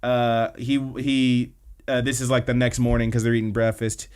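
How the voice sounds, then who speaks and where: A man's voice: mid-range voice, flat delivery, normal speed, darkish tone, clean tone. A man co-hosting a podcast, casually recapping anime episodes in a rambling way with lots of fillers. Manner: rambling, filler-heavy retelling. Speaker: podcast co-host.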